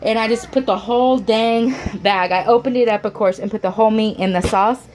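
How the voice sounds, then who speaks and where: Fairly high-pitched yet darkish in tone, a mother of four speaks fairly quickly to her camera indoors at home, with slight hiss or hum. She rambles casually, full of fillers and restarts, homey and saying "y'all" now and then.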